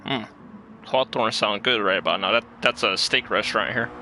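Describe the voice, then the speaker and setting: A man's voice: on the low side, moderate pace, pushed and bright, a little hiss or hum, low-quality recording. A man co-commentating an online racing league, laid-back and chuckling often as he talks race strategy.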